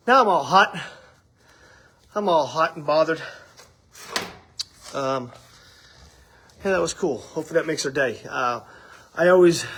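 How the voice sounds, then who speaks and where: Guy with a high husky voice, rambling livestream chat, swears a lot. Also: fairly bright tone. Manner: rambling, loose, swears casually. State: out of breath after running. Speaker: livestream host. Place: studio office with window.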